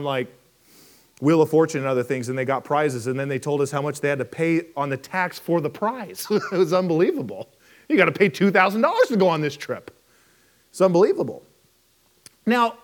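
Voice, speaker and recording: Male pastor, sermon, high voice, very lively pitch, storytelling. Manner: storytelling, animated with impressions.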